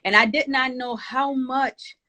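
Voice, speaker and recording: A woman's voice: high-pitched, steady tone, unhurried, sharp tone. A woman from Jamaica, a guest and author speaking emphatically and encouragingly in an inspirational conversation. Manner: emphatic, encouraging, preacher-like exhortation.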